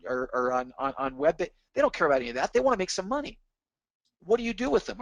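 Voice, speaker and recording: A man's voice: on the high side, fairly bright tone, no room sound, low-quality recording. A man presenting a sales training webinar, pumped up and pushy, hammering his points home by repeating them.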